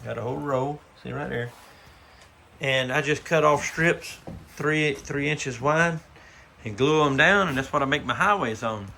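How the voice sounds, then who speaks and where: Folksy Southern man, bright voice. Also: mid-range voice, unhurried, gravelly, slight background noise. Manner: folksy and rambling, with fillers and 'but anyhow'. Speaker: model railroad hobbyist. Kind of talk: casual layout tour video. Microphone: handheld phone camera while filming.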